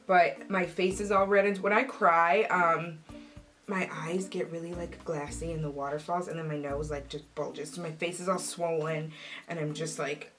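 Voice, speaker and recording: A young woman tells a personal story straight to her viewers, casual and chatty, with a voice that sits a little low. She jumps animatedly into the voices of the people in her story. Faint music plays behind her. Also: normal speed. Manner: animated, acts out quoted voices. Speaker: vlogger.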